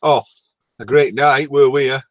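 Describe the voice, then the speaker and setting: A man's voice: mid-range voice, fairly even intonation, no echo. A man co-hosting a casual livestream, teasing his friend and reading out the chat. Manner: slow, teasing, reads chat aloud.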